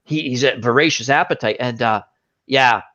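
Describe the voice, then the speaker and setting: A man hosting a casual chat, telling an animated anecdote and acting out the voices of the people in it. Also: medium pitch, moderate pace. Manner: animated anecdote teller, acts out quoted voices. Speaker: host. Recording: dull lo-fi stream audio.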